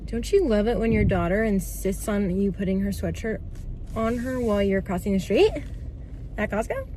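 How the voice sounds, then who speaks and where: A woman's voice: medium pitch, expressive, moderate pace, mellow. A young woman chatting casually to her viewers in a vlog, swearing freely and calling them y'all. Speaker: vlogger. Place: in a car, then at home. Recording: car and road noise behind.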